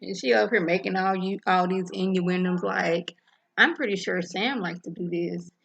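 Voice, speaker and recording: A woman giving a casual, animated recap of a TV episode, acting out the characters' lines as she goes. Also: on the low side, moderate pace, creaky, highs cut off, a little hiss or hum. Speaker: TV episode reviewer.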